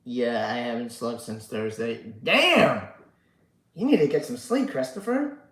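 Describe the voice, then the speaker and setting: A man's voice: medium pitch, huge pitch swings, normal speed, warm tone, roomy sound, low-quality recording. A sleepy man hosting a casual live stream, reading chat aloud and rambling with lots of fillers and casual swearing. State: sleepy, yawning. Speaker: livestream host reading chat.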